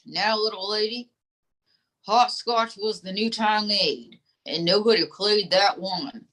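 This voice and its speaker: A woman's voice: medium pitch, slow, fairly bright tone. A woman voicing an old male lounge-singer ventriloquist dummy, drawling folksy punchlines. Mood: deadpan corny.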